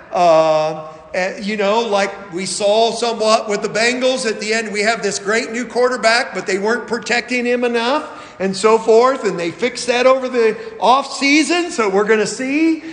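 High-voiced pastor preaching in an echoey hall. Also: male voice. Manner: folksy, digressive, with fillers and chuckles. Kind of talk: sermon. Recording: echoey hall with long reverb.

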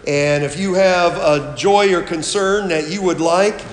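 High-voiced pastor in an echoey church. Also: male voice, unhurried, slight background noise. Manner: animated, playful with children. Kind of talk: children's sermon. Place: church sanctuary. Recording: echoey hall from far off.

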